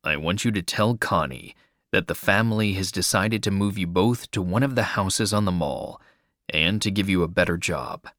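A man voicing a controlled male family adviser who gives orders in a calm, firm, low voice. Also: moderate pace, no echo, clean studio sound.

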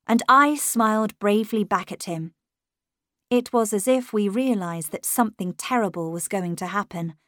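A woman narrating a storybook in a measured, gentle way. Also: mid-range voice, animated, dry recording, clean studio sound. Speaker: reader.

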